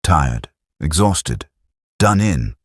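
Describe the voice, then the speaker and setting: A man's voice: very deep voice, sing-song, very slow, slightly rough, no echo, clean studio sound, exaggerated voice. A man voicing a blunt, practical Welsh platoon sergeant with a Welsh accent who takes charge.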